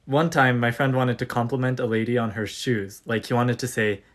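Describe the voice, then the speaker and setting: With a steady, mid-range voice at normal speed and a slightly bright sound, a young man delivers a comedic short-form language lesson on his phone. This language teacher on short videos keeps it playful and full of puns.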